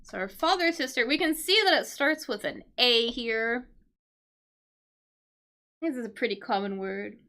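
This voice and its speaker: Slow, bright-voiced woman teaching English. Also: on the high side. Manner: slow, patient explaining with fillers and check-ins. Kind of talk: casual livestream lesson solving a crossword.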